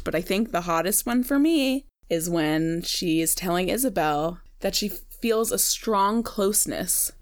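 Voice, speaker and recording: A woman co-hosting a podcast, talking in a relaxed, agreeable way with lots of "like". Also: on the low side. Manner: relaxed, agreeable, uses "like" often. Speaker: podcast co-host. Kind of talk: casual chat.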